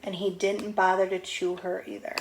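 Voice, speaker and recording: A woman teacher reading a picture book aloud to children, gently explaining words as she goes. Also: medium pitch, level tone, normal speed, slight background noise, low-quality recording.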